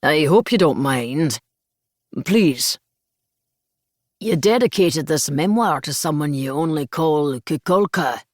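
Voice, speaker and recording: A woman's voice: low voice, animated, slow pace, dry recording, studio quality, heavily acted. A woman voicing a middle-aged man with a thick Scottish accent, asking politely and hesitantly. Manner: polite and tentative.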